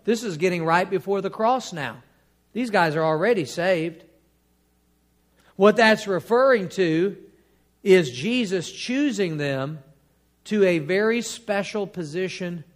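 A man preaching a sermon as pastor, quoting scripture and building to emphatic, drawn-out points. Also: a little high. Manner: preaching with rising emphatic bursts and drawn-out key words; quotes scripture in old King James wording.

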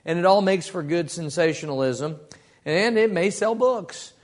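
A man's voice: sits high, lively intonation, normal speed. A man teaching a Bible study to a group, folksy and storytelling, asking the room questions. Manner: folksy storytelling with acted quotes.

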